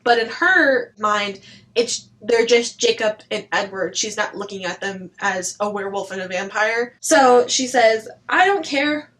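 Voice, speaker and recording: A woman's voice: medium pitch, measured pace, fairly bright tone, low-quality recording. A woman chatting casually through a book review, blunt and chatty, swearing now and then and saying "like" a lot.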